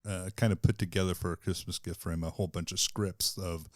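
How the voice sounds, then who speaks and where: A man's voice: low voice, steady tone, fast talker, no echo, studio quality. A man chatting casually on a podcast, hesitant and full of fillers. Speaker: podcast cast member. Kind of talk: casual chat.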